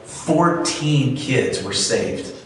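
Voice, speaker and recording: A man's voice: medium pitch, lively intonation, extremely slow, noisy background. A man preaching a sermon, telling stories in an earnest, conversational way with some fillers. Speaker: pastor. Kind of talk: sermon storytelling. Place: church hall. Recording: very echoey room, mic far off.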